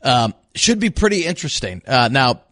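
A man's voice: mid-range voice, very animated, normal speed, fairly bright tone, no echo, clean studio sound. A man co-hosting a farm radio show who explains the weather in an easygoing, agreeable way, with lots of ums and uhs. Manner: easygoing, filler-heavy, agreeable. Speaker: radio co-host giving weather. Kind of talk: casual on-air chat.

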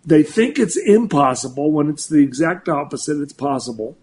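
Older male weather forecaster in his sixties, animated, restarting sentences, faint background noise. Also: on the high side, normal speed. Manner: animated, full of restarts and repeats. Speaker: meteorologist guest. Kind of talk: casual talk show chat.

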